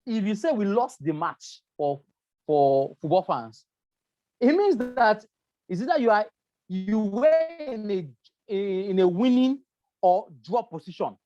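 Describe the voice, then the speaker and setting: A woman's voice: medium pitch, lively intonation, measured pace, mellow, dry recording, muffled recording. Nigerian-accented woman teaching workplace safety. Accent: Nigerian English. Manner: repetitive, explanatory, asks "right?" often. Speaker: safety trainer. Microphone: presentation with slides.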